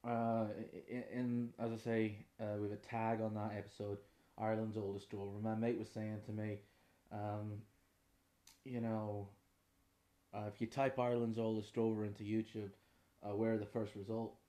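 A man's voice: fairly low pitch, flat delivery, moderate pace, warm tone. Sweary Northern Irish man, echoey room. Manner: sweary, rambling, self-mocking. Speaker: podcast host. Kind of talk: casual unscripted chat. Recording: roomy echoing room.

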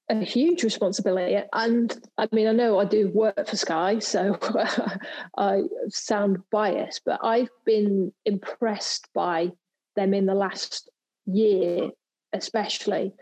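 A chatty woman from England telling a story in an interview. Her voice is mellow and a little husky, and she talks easily, with many fillers and restarts. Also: medium pitch, rough recording. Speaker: guest, golf presenter and former pro golfer. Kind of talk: casual interview chat.

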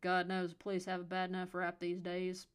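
A condescending old policeman with a deep Southern accent drawls on and on, as a woman reader puts him on. He sounds folksy and sure of himself. The story is told as a spoken audiobook. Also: completely flat delivery, brisk, clear, resonant tone, lightly acted. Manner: drawling, patronizing.

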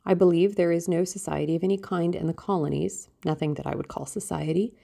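A woman's voice: fairly low pitch, fairly even intonation, quick pace, creaky, warm tone. A woman reading an audiobook voices a worried, theatrical middle-aged mother. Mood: affected. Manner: fretful, affected.

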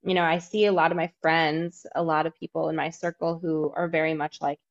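A woman's voice: deep voice, level tone, fairly quick. A woman hosting a podcast interview, candid and chatty, who swears casually. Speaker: podcast host. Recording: dull lo-fi audio.

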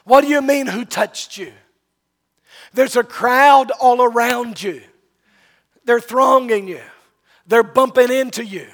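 A man's voice: extremely high pitch, slow, long pauses, fairly bright tone, pitched above the performer's own voice, exaggerated voice. A man doing baffled disciples. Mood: incredulous. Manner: incredulous, questioning. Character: puzzled disciples questioning their teacher.

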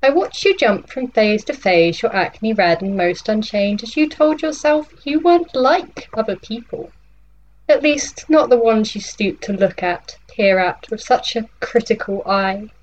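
A woman's voice: on the high side, a little slow, dull audio, slight background noise, close to an everyday voice. Woman voicing a taunting nightmare villain. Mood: menacing. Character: sinister nightmare villain, patient and menacing. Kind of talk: dramatic monologue poetry reading.

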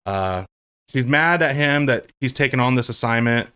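A man talking through a film recap in a loose, jokey way. He swears freely, laughs often and drops into goofy voices. His voice sits at an ordinary middle pitch. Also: lively intonation, normal speed, sharp tone, clean tone. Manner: goofy, profane, does silly character voices. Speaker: movie rewatch podcast co-host. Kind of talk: casual movie commentary chat.

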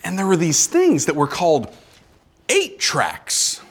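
Lively, higher-voiced pastor in his forties. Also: takes it slowly, slight background noise. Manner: animated, joking asides to the congregation. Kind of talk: conversational sermon. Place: church sanctuary.

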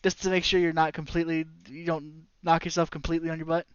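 High-voiced man narrating as game master. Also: level tone, fast, clean tone, no echo. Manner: rambling, many fillers, laughing. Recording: dry, dull lo-fi mic.

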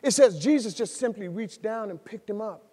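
A man preaching a sermon as pastor, swinging between soft storytelling and loud, excited delivery. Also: high voice, moderate pace, slightly rough, long reverb tail. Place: church sanctuary.

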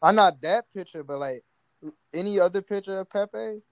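A man's voice: high voice, moderate pace, low-quality recording. A man co-hosting a casual podcast, joking around and acting out little quotes. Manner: playful, jokey, acts out little quotes. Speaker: podcast co-host.

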